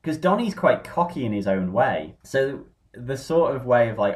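A man in casual conversation, telling stories with enthusiasm and animated energy. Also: medium pitch, normal speed. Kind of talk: casual film chat.

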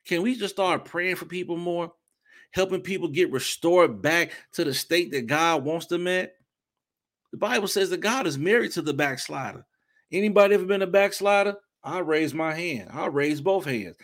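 A man preaching a fervent testimony sermon, with sudden loud bursts of praise between softer reflective stretches. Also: fairly high pitch, moderate pace. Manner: shifts between soft reflection and shouting. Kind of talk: impassioned sermon.

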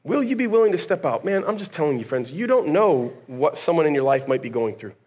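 A man's voice: fairly high pitch, sing-song, quick pace, a little mellow, husky. A male pastor preaching a sermon in a casual, conversational way, firing rhetorical questions at the congregation and acting out bits of dialogue as he tells stories. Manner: conversational, acts out quoted dialogue; casual slang, storytelling.

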